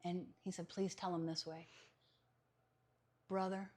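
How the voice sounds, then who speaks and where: A woman who works as a psychic medium, telling a story in casual conversation as a podcast guest. She is animated, laughs often and acts out the voices she quotes. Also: lowish voice, measured pace, long pauses.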